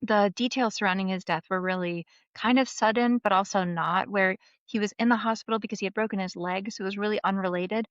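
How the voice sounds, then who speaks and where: Woman in her 30s, podcast guest, animated storytelling, mid-pitched voice, dry lo-fi sound. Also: fairly quick, few pauses, no room sound. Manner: animated storyteller, lots of "like" fillers. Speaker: memoir author, podcast guest. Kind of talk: casual podcast interview.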